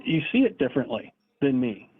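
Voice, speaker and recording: A man's voice: mid-range voice, sing-song, a little fast, husky. A man debating on a call, dismissive and brushing off the arguments. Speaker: caller in a debate. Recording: tinny phone line.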